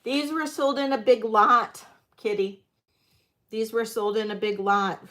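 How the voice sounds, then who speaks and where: A woman hosting a livestreamed vintage jewelry auction, chatting to viewers and gushing excitedly over the pieces. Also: a little high, a little slow. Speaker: host of a live jewelry sale. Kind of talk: live auction chat.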